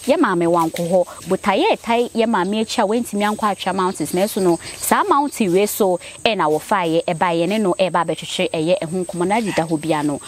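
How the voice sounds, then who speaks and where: A woman from Ghana presenting and interviewing on location, explaining events to viewers in a steady, storytelling way. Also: lowish voice, a little hiss or hum. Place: outdoors on a mountain.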